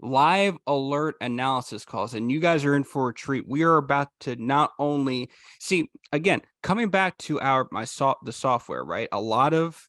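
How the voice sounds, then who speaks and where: A man hosting a live video call, giving an energetic, emphatic sales pitch for a trading course. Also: no echo, studio quality. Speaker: host presenting a trading course.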